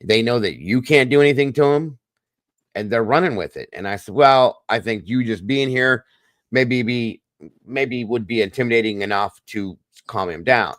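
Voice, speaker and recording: Rambling through a lengthy personal tale, this middle-aged man hosts a podcast in a blunt, repetitive, casual storytelling style. His mid-range voice is a bit bright at normal speed, recorded dry.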